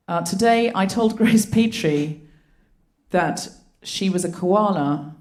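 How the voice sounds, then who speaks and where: A woman hosting a live comedy podcast on a theatre stage, telling stories with lots of laughter. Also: fairly low pitch. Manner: animated, laughing storytelling. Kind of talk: live stand-up style banter.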